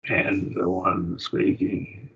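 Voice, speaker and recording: A man's voice: low-pitched, little pitch movement, drawn-out words, fairly bright tone, breathy edge. A man teaching a college-level Bible study class, working through Greek grammar and thinking aloud with frequent restarts. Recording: dull lo-fi recording.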